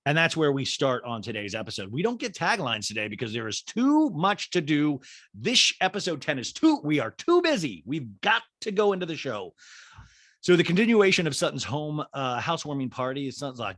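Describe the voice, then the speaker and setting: A man hosting a podcast, recapping a reality show in an animated, jokey way with asides. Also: mid-range voice, fairly quick, dry recording, clean studio sound. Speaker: podcast host. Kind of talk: comic TV recap.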